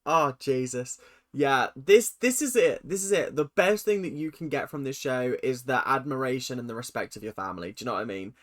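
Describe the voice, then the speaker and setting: A man hosting a reaction video, talking in an animated, effusive way and acting out his own quoted reactions. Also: medium pitch, brisk. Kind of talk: casual reaction commentary.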